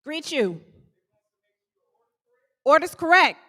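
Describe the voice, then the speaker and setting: A woman with a high voice delivers an energetic motivational talk to a room of business owners. She speaks as a small bakery owner and keeps calling out questions to the audience. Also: takes it slowly. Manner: animated, calls out questions to the audience.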